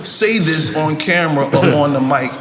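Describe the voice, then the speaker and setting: A man telling a story in a casual podcast chat, animated and profane, acting out what people said. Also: a little high, normal speed. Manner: animated, profane, acts out quotes. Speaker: podcast guest. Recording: roomy echo with background noise.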